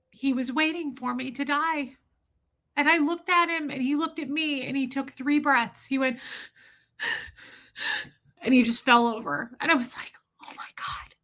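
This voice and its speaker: A woman's voice: high-pitched, fairly even intonation, slow pace, long pauses, bright, forceful tone. A woman hosting a podcast, telling a personal story in a rambling, candid, emotional way and swearing freely. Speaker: podcast host.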